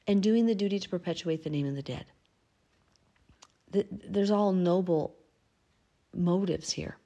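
Female bible study teacher, casual and conversational, warm low voice, reads scripture aloud and then breaks it down. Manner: reads verses aloud, then explains them chattily; acts out the figures' lines in an everyday voice. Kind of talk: casual scripture reading and commentary.

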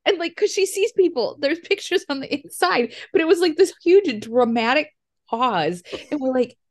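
A middle-aged woman, a mother, telling a family story in casual chat over a video call, animated and laughing often. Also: high voice, moderate pace. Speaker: podcast co-host, mother.

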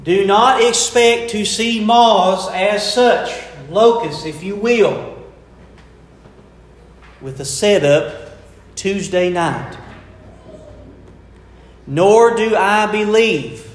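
A man preaching a sermon in a slow, deliberate way, pausing to stress key words. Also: high voice, expressive, reverberant.

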